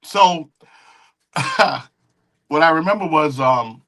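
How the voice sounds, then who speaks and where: A middle-aged man, a music engineer and guest, casually telling studio stories in an animated way and acting out the quoted dialogue. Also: fairly high pitch, slow. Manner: animated storyteller who acts out quoted dialogue. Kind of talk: casual interview storytelling.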